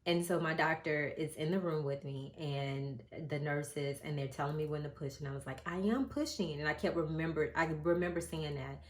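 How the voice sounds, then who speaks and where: A woman's voice: low-pitched, steady tone, a little fast, few pauses. A middle-aged woman vlogger telling a candid, emotional personal story to the camera, rambling with many fillers and showing keepsakes as she talks. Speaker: vlogger and mother.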